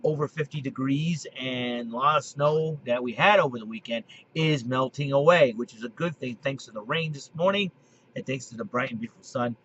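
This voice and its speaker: A man in his late thirties hosting a casual monologue video from his basement, rambling with frequent restarts and throat clearing. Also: medium pitch, a little fast, fairly bright tone. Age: 30s. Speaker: video host. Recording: dull lo-fi home recording with faint noise.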